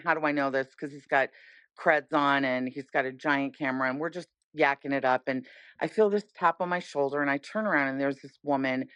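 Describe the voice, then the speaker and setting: A middle-aged woman tells a story on a podcast, excited and acting out the people she quotes. Her voice sits a little low. The recording is close and dry, with no room sound. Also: no echo. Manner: animated, acts out quoted voices. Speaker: podcast guest. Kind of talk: casual storytelling chat.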